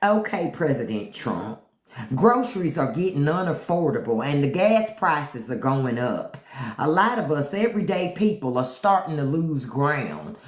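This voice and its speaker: A host doing a pleading everyday man with a thick Southern drawl, whining for help with bills. The pitch rises and falls a lot, and the voice rings in a roomy space. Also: big pitch swings, unhurried. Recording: roomy echo.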